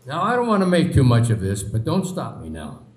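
A man preaching a sermon in a dramatic way, pausing often and letting phrases sink low and quiet. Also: wildly swooping pitch. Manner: dramatic, slow, with long pauses and sinking low phrases. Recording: echoey room.

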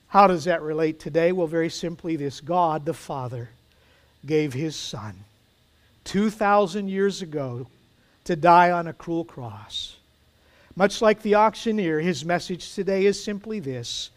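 A man preaching a sermon, telling a story with dramatic pauses and soft emphasis. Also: on the high side, animated.

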